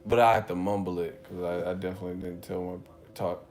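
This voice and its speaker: A man's voice: sits low, fairly even intonation, fast talker, a little mellow. A man hosting a live stream, telling stories in a loose, profane, laughing way. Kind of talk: casual chat.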